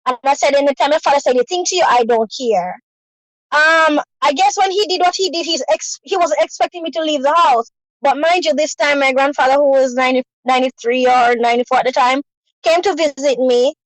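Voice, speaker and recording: A woman's voice: high-pitched, a little fast, dry recording, low-quality recording. A woman earnestly telling a personal story, often repeating herself and adding "you know". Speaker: guest sharing a personal story.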